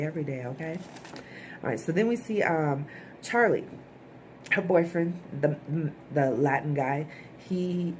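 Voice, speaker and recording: Woman, low voice, casual blunt TV recap, chatty and opinionated. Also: a little mellow, a little hiss or hum. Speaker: TV episode reviewer.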